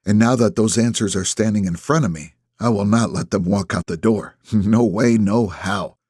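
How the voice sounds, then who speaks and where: A man reads a first-person audiobook in a low, husky voice. His delivery is measured and terse. The recording is dry and close. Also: darkish tone, no room sound. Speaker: audiobook narrator.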